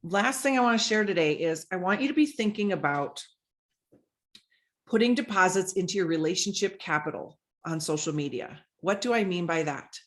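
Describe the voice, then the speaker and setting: A woman business coach giving a lively, conversational talk about selling on social media, acting out sample messages as she goes. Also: lowish voice, normal speed.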